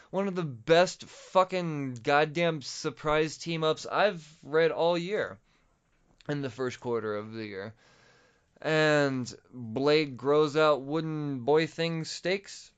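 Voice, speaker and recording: A man's voice: on the high side, clean tone. Male podcaster, casual profane comic recap, clean resonant tone, muffled lo-fi recording. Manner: excited, profane, rambling with restarts. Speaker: podcast host. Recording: dull lo-fi audio.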